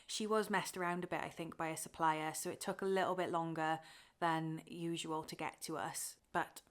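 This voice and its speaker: A woman's voice: sits low, level tone, moderate pace. Chatty, emotional young woman vlogger. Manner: chatty and emotional, with frequent fillers and laughs. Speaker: cross-stitch vlogger. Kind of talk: casual chat to camera.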